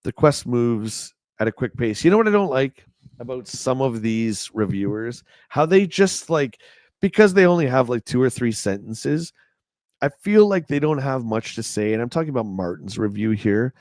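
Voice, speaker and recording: A man hosts a casual livestream, reading old magazine reviews aloud, adding wry jokes and chatting back to his live chat. His medium-pitched voice is animated and a little mellow at a moderate pace. The recording is dry, with clean studio sound.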